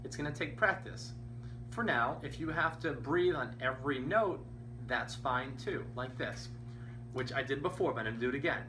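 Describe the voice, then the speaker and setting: A man's voice: mid-range voice, normal speed. A patient, encouraging man teaches a beginner band lesson and counts the beats aloud. He sounds a little far from the microphone, and faint noise sits under his voice. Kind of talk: instrumental lesson. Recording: distant mic with faint noise.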